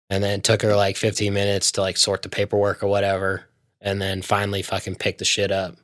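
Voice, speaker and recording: A man's voice: fairly low pitch, brisk, dry recording, studio quality. Swearing man telling a story. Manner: profane, animated storytelling with frequent swearing. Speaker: storyteller in casual conversation. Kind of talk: casual chat.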